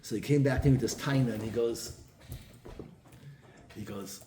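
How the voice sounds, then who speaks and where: A man's voice: medium pitch, normal speed, pauses often. A man, a rabbi giving a storytelling sermon who acts out the people in his stories. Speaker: rabbi giving a Torah talk. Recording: echoey room with faint ambient noise.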